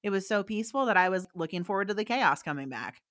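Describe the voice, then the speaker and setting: A woman who is a psychic medium, telling a long story in a casual, animated way with many fillers. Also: mid-range voice, quick pace, no echo, studio quality. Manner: animated, fillers, quotes voices in her stories. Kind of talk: conversational storytelling.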